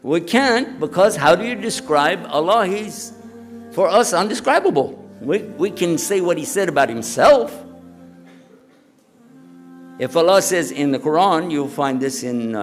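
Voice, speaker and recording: A man preaching to a live audience in an animated, conversational way, often throwing questions back at the room. His voice sits a little high and swings widely in pitch. Soft music plays faintly underneath. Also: measured pace. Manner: animated, chatty, quizzes the audience. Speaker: Islamic preacher. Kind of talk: lively lecture to a live audience.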